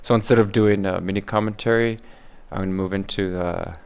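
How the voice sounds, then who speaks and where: Low creaky guy rambling about his process, lots of uhs. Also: fairly even intonation, brisk, darkish tone. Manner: hesitant, heavy on "uh" fillers. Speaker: voice-impression creator. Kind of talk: casual behind-the-scenes commentary.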